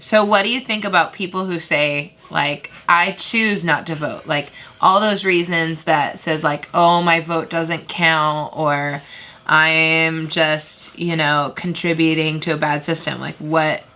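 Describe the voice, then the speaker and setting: A woman's voice: deep voice, steady tone, measured pace, sharp tone. A young woman co-hosting a podcast, talking casually and stating her views firmly. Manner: emphatic, firm opinions. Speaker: podcast co-host. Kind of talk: casual chat.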